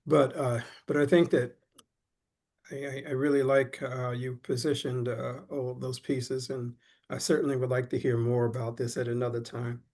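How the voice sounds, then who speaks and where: A man's voice: medium pitch, level tone, moderate pace, darkish tone. A man in an online group discussion who muses hesitantly, restarting his sentences often. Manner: hesitant, lots of restarts and fillers. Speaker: panel participant.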